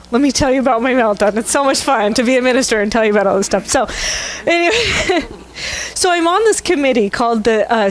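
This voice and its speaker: A middle-aged woman minister giving a sermon, telling a candid, self-mocking story with laughter to her congregation. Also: fairly high pitch. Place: church sanctuary.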